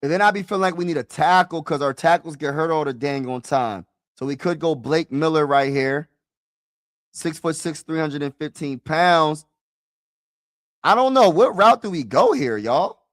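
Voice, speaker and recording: A man's voice: on the high side, animated, normal speed, no room sound. A man hosting a casual live-stream football mock draft, talking straight to his viewers and swinging between frustrated outbursts and mutters, with lots of "bro" and "y'all". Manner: talks straight to viewers, repeats himself, uses "bro" and "y'all".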